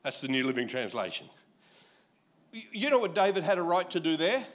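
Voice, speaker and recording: An Australian pastor in his sixties delivering a sermon full of jokes and acted-out asides. His voice runs higher than most men's and swoops widely from line to line, keeping the telling lively. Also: a little fast. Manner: jokey, animated storytelling with acted asides.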